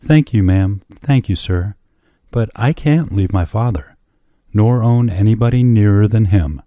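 A man's voice: fairly low pitch, expressive, measured pace, warm tone, dry recording. A man voicing a humble young girl, polite and earnest, devoted to her father.

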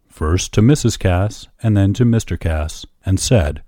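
A man narrating excerpts from novels in a measured, even reading. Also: low-pitched, dry recording, clean studio sound. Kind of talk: audiobook narration.

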